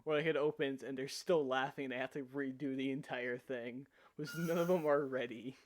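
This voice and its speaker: A man's voice: medium pitch, steady tone, moderate pace. A man hosting a casual podcast, talking in a meandering way with many fillers. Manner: meandering, hesitant, heavy on fillers. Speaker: podcast host and game master. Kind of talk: casual chat.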